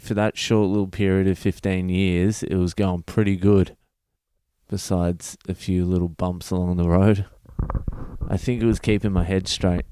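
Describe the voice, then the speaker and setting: A man's voice: sits low, darkish tone, clear, resonant tone, dry recording. An Australian man, a comedian hosting a podcast, telling stories in a blunt, rambling, sweary monologue. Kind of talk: casual storytelling monologue.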